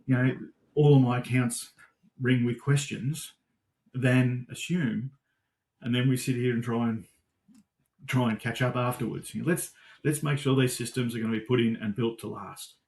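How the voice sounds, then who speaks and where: An Australian man answering interview questions casually, lively and animated, getting worked up as he tells stories. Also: mid-range voice, normal speed. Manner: animated storyteller, gets worked up. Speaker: guest, supplier sales manager.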